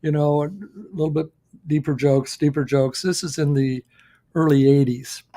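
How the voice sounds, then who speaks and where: A man's voice: fairly high pitch, flat delivery, normal speed, warm tone. A man hosting a podcast in casual chat, asking questions and sharing his own stories. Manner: asks questions, then shares his own story. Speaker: podcast host.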